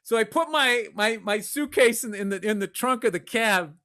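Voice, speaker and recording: A man's voice: high voice, moderate pace, sharp tone. A middle-aged man, telling a rambling, profane, self-mocking story on a podcast. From Massachusetts. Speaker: podcast host. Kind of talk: storytelling chat.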